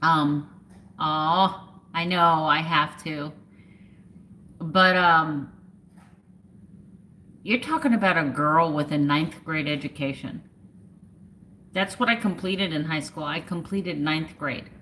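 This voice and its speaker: A woman in her fifties chatting casually on a livestream, emotional and close to tears, talking haltingly with many fillers and trailing thoughts. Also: low-pitched, sharp tone, a little hiss or hum. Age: 50s. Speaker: vlogger.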